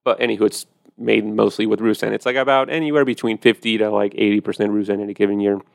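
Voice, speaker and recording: A man's voice: fairly low pitch, fairly even intonation, fast talker, gravelly, no room sound, studio quality. A man hosting a podcast, chatting casually and animatedly about wine, with profane storytelling. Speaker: podcast host.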